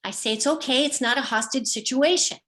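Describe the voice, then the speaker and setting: A woman's voice: high-pitched, a little fast, fairly bright tone. A middle-aged woman performing a personal story with wry, dry humor, slipping into quoted voices now and then. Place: home, online show.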